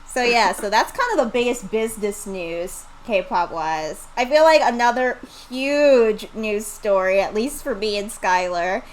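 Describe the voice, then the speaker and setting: A woman co-hosting a casual chat show, giggly and animated as she gushes. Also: mid-range voice, unhurried, hardly any pauses, poor audio. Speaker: podcast co-host.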